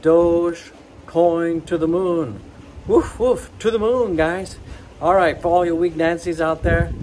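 Male channel host, slightly high voice, hyped pep-talk delivery, repetitive and rallying, with shouted chants. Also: slight background noise, poor audio. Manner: bursts of loud high shouts.

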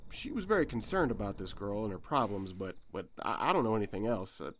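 A nervous young man answers a police officer's questions in a lively, rising and falling voice, with faint clicks and crickets behind him. A man reads his lines aloud. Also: fairly low pitch, fast, slight background noise. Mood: worried. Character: worried young man, a witness's brother.

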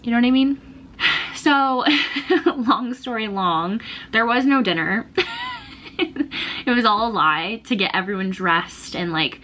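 A woman's voice: medium pitch, sharp tone, a little hiss or hum. A young woman telling a personal story in a casual, gushing vlog, often laughing and emotional. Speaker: vlogger.

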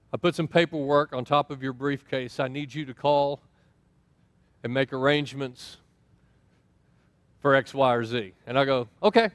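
A man's voice: a little high, dry recording. A man preaching a sermon, telling stories and acting out quoted dialogue. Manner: storytelling, acts out quoted dialogue with lively swings. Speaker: pastor.

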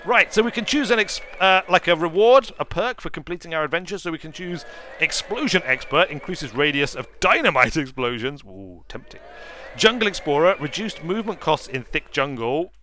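A man hosting a let's play, joking and mocking himself as he plays. His voice is bright and on the high side for a man, with lively swings in pitch. Faint game music sits under the talk. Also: normal speed. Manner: playful, jokey, self-mocking. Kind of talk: gameplay commentary.

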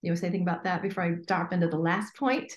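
A woman coach speaking as an interview guest, talking emphatically and in an animated way, often acting out imagined inner voices. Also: fairly low pitch, racing, reverberant.

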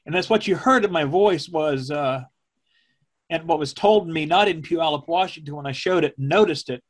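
A middle-aged man, a former television meteorologist, recalling events in a slow, measured way that turns emotional. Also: fairly high pitch. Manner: slow, measured, speaking from the diaphragm. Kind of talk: emotional personal recollection.

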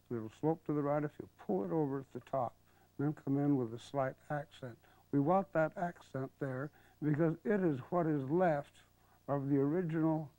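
An older man, a calligraphy teacher, giving a patient televised lesson and murmuring softly while he writes. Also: on the high side, dry recording. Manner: patient, explanatory, drops to a murmur while writing. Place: studio. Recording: dull 1970s broadcast TV audio.

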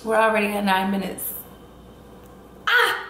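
A woman with a mid-range voice and vocal fry chats casually with her vlog viewers at a moderate pace, calling them y'all. She sounds talkative but nervous. The room is echoey, with faint background noise.

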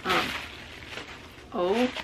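A woman's voice: very slow, background noise. A woman chatting casually and gushing with delight as she unboxes gifts at home, exclaiming often. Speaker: vlogger. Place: home, indoors.

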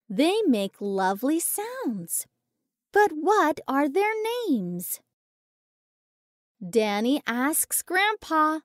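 Woman reading a kids' book, high lively voice, really slow, dry close sound. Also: no echo. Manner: slow, bright storytelling with playful animal sounds. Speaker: story reader. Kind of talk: reading a children's picture book aloud.

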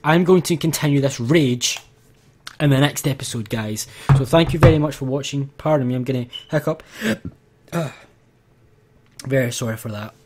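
A man's voice: mid-range voice, normal speed, a little mellow, slightly rough. A man commentating his gameplay, exasperated and ranting to his viewers. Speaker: let's play gamer.

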